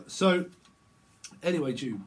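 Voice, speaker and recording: A man's voice: on the high side, animated, fairly bright tone, poor audio. Rambling man reading tarot. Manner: rambling, acts out quick voiced exchanges with slang. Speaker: tarot reader. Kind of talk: casual tarot reading vlog.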